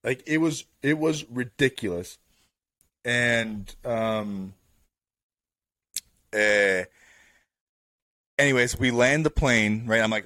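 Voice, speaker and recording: A male podcast host telling a rambling story in a casual chat, full of fillers and slang, getting louder as it builds. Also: medium pitch, slow pace, pauses often, dry recording. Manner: rambling, filler-heavy with "like" and "bro"; animated, builds up to louder bursts.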